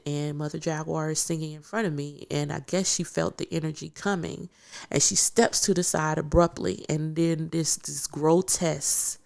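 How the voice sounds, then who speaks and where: A woman guest telling a personal story in an animated, emphatic way, repeating phrases for effect. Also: deep voice, creaky. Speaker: podcast guest.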